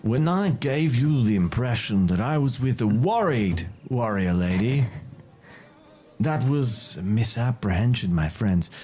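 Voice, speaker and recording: Raspy-voiced man running a tabletop game. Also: medium pitch, measured pace. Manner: playful, self-mocking, excitable narration. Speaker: game master. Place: home streaming setup.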